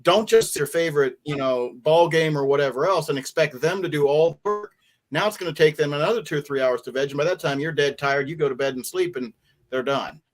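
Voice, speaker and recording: A man's voice: fairly high pitch, fairly quick. A man on a discussion panel giving frank, practical advice.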